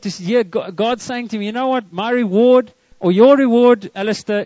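High-voiced earnest male preacher. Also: moderate pace, hardly any pauses, darkish tone, no room sound, muffled recording. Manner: earnest, repeats words when starting lines. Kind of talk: sermon. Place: church service.

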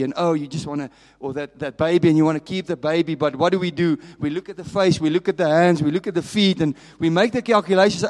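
A man preaching a sermon as a pastor, telling stories with passion and dropping from raised to hushed. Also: a little high. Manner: impassioned storytelling, swinging from raised to hushed. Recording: long reverb of a large hall.

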